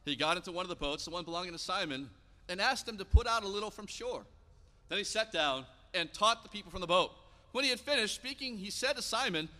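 A high, bright male voice preaching in a church, with a long hall reverb trailing each phrase. He tells Bible stories in a relaxed, conversational way and slips casually into the characters' lines. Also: fast. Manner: storytelling preacher, acts out biblical dialogue casually. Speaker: pastor. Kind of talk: sermon. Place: church sanctuary.

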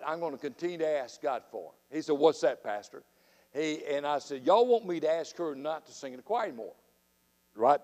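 Middle-aged Southern man, high-pitched and fiery revival preacher, folksy storyteller with loud bursts and low asides. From Florida. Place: church sanctuary. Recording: long reverb of a church sanctuary.

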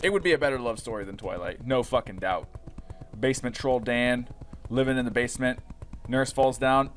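A young man giving casual, profane let's-play commentary, rambling and breaking into excited yells. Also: mid-range voice, a little fast, faint music behind. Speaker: gaming YouTuber.

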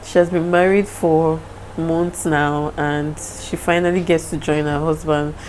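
A woman's voice: low voice, flat delivery, a little slow, darkish tone, slight background noise, rough recording. A young Nigerian woman with a Nigerian accent talking casually to the camera in a home vlog, openly emotional and apologetic. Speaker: vlogger.

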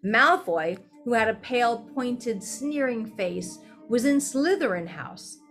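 A woman narrating a children's fantasy story aloud, reading expressively and occasionally correcting herself. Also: fairly high pitch. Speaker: audiobook reader.

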